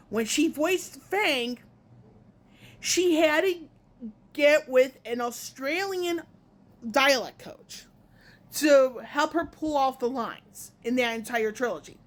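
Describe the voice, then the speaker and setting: A woman with a high voice talks through her gaming opinions in a loose, unscripted vlog. She rambles, restarts her sentences and fills pauses with "um" and "like". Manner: rambling, self-correcting, many fillers. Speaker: gaming video host.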